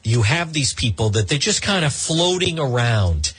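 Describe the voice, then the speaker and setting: A man's voice: mid-range voice, sing-song, normal speed, fairly bright tone, husky, no echo. A man in his fifties giving a rambling, gossipy commentary monologue as a talk show host, with many ums and restarts.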